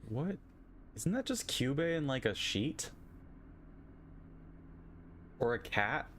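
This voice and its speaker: A woman's voice: very deep voice, big pitch swings, unhurried, a little hiss or hum. A woman streaming a game, reading its story and reacting with frequent laughs and disbelief. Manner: laughs often, incredulous reactions. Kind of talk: casual live-stream commentary.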